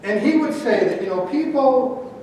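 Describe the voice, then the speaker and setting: A man's voice: very high-pitched, animated, moderate pace, mellow, far from the mic, slight background noise. A male pastor preaching a sermon in a conversational way, telling stories with light humor. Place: church sanctuary. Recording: echoey church hall from afar.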